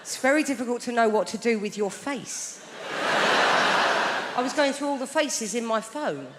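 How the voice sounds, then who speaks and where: A woman's voice: a little high, lively intonation, normal speed. A woman performing a stand-up comedy set on a large theatre stage, telling wry stories about family life. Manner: wry, conversational storytelling with acted-out quotes. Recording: theatre stage mic with long hall reverb and audience noise.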